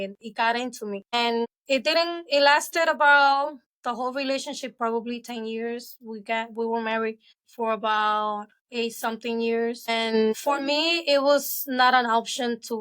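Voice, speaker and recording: A woman's voice: fairly high pitch, fairly bright tone, clean tone. A woman speaking as a podcast guest, talking candidly and reflectively with lots of "you know" fillers. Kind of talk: casual interview chat.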